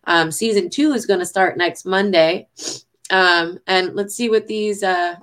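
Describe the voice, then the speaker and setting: A woman hosting a faith show, praying fervently and speaking warmly to viewers, given to repeating phrases and getting emotional. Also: medium pitch, a little slow. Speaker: show host. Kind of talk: heartfelt prayer and chat to viewers.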